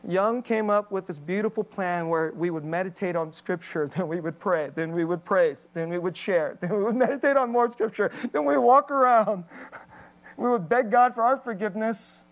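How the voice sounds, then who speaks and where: A woman's voice: medium pitch, moderate pace, poor audio. A woman pastor giving an emotional, candid personal testimony in a sermon, with plenty of fillers and restarts.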